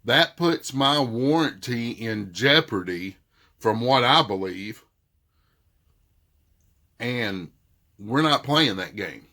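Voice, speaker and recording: Slow-talking Southern man telling a story. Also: medium pitch, lively intonation, pushed and bright. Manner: retells a dispute, quoting both sides. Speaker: vlogger. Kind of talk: casual storytelling.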